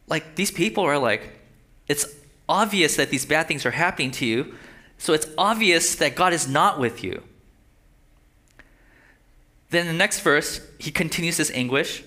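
Male preacher, high voice, bright tone, animated, checks in with the congregation. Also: normal speed. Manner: animated, reads scripture aloud with rising emphasis; asks the audience "right?" and "Amen?". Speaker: pastor. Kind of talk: sermon.

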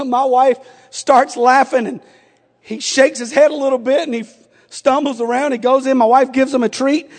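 A middle-aged man preaching a sermon, moving between quiet storytelling and shouted exhortation. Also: very high-pitched, fairly even intonation, moderate pace. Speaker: pastor. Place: church sanctuary. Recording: long church reverb.

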